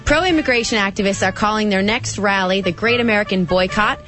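A woman reads the news on a talk radio show from a studio. Her mid-pitched voice has a crisp, measured delivery. Faint music plays underneath. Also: fairly bright tone.

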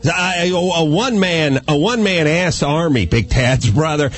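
A man hosting a talk radio show, telling a long comic story in a rambling, animated way. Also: on the high side, unhurried, soft background music. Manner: animated, rambling, acts out quotes.

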